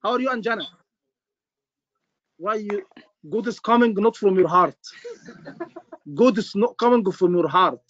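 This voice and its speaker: A male tutor with a notably high voice talks to his class over a video call. The sound is dry and a little dull. He is animated, repeats himself and keeps checking that students follow. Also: unhurried, pauses often, no room sound. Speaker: medical exam tutor. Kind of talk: online class teaching.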